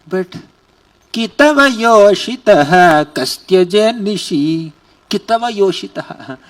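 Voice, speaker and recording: A man's voice: high-pitched, distant mic. A man voicing devoted young village women reproaching their god in a pleading tone, within a scripture lecture.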